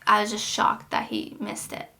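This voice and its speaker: A woman co-hosting a podcast, chiming in with emotional, expressive remarks in casual chat. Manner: emotional, expressive, quick to jump in. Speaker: podcast co-host.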